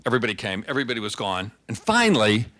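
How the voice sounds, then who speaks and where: An older man telling a long anecdote to an audience in a low, dry, close voice. He chats along easily and often stops to restart a phrase. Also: very animated, rapid-fire, bright, forceful tone, no room sound. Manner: conversational storyteller, frequent restarts. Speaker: guest speaker. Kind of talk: anecdotal talk.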